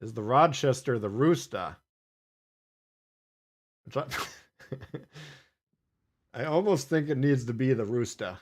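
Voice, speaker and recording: A man's voice: medium pitch, animated, slow pace, long pauses. A man streaming live gameplay, chatting casually with viewers, swearing and laughing as he plays.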